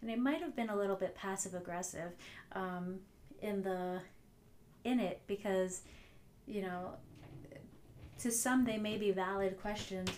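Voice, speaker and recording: A woman's voice: mid-range voice, a little slow, pauses often, a little mellow, slight background noise. A woman hosting a solo motivational podcast, earnest and reflective, often repeating phrases for emphasis. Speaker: podcast host.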